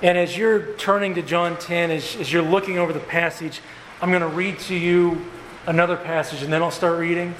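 A man preaching a sermon as pastor, earnest and emphatic, with slow stressed phrases and repetition. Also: a little high, steady tone, fairly bright tone. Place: church sanctuary. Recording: echoey hall with faint room noise.

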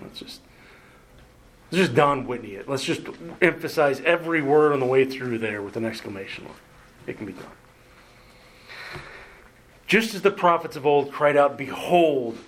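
A man preaching a sermon, emphatic and deliberate, leaning hard on key words and pausing for effect. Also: medium pitch, a bit bright, slight background noise. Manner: emphatic, repeats words for emphasis, slow deliberate delivery with dramatic pauses. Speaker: pastor.

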